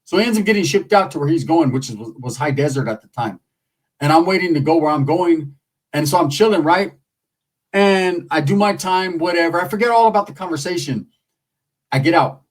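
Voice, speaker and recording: A man's voice: a little high, fast talker, far from the mic, poor audio. A man from San Jose, California telling a casual story in a profane, streetwise way. His speech wanders loosely from point to point, and his voice sits a bit above the usual male range.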